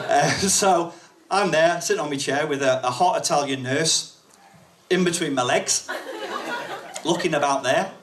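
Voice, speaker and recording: A man tells a stand-up story at a comedy night, swearing and acting out the people in it. His voice sits a little high. A noisy live room is heard behind him. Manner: storytelling with acted asides, swearing. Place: packed comedy night venue.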